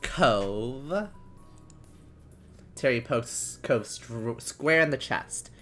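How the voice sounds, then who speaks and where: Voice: mid-range voice, expressive, drawn-out words, a bit bright, soft background music. A host narrating an interactive story in second person, laughing now and then while reading.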